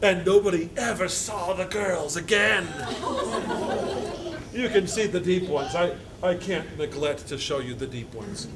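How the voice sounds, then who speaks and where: A man, a university instructor, reading a picture book aloud to a live audience, halting with fillers and joking asides. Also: high-pitched, a crowd in the background, background noise.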